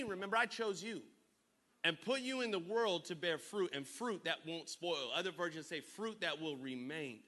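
A man preaches with a high, bright, piercing voice. He reads scripture aloud and drives his congregation to answer back, swinging between quiet reflection and loud, shouted calls. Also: a little fast. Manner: energetic call-and-response preaching, builds to shouting. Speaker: pastor. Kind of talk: sermon.

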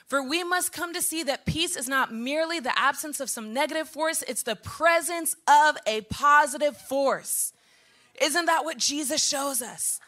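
A woman pastor preaching a sermon, animated and laughing at times, building to shouted passages. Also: high voice.

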